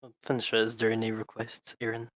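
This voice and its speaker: Measured game master, dry close sound. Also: male voice, fairly low pitch, completely flat delivery, a bit bright, no room sound. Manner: measured, explanatory. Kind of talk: narrating a tabletop game.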